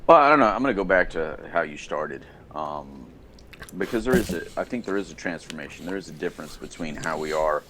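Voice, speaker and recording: Podcast co-host, middle-aged American man, lowish voice, animated storyteller, faint room ambience. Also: brisk, slight background noise. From United States. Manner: storytelling, animated, acts out quotes. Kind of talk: casual chat.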